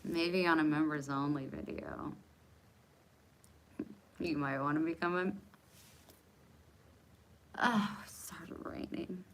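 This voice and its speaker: A woman's voice: sits low, steady tone, slow, long pauses, a bit bright. A woman in her forties hosting a casual livestream, joking and self-mocking as she chats with viewers and laughs often. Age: 40s. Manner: candid, self-mocking and jokey, chatting to commenters by name; laughs often between lines. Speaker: livestream host. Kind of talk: casual live chat with viewers.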